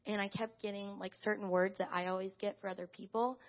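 A young woman gives a chatty, animated testimony to her church, leaning on "like" as she talks. Her voice has a steady gravelly fry. The sound is dull and lo-fi. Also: mid-range voice, brisk. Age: young adult. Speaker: church intern. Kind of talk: casual spoken testimony to a congregation.

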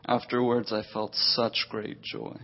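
A man sharing a personal testimony in a halting way. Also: medium pitch. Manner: slow, flat, halting. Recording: dull lo-fi audio.

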